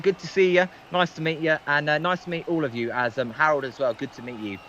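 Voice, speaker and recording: A man's voice: a little high, steady tone, fast talker, sharp tone, lo-fi sound, a little hiss or hum. A man calling baseball play-by-play on a livestream, hesitant and full of filler ums. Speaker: guest play-by-play commentator.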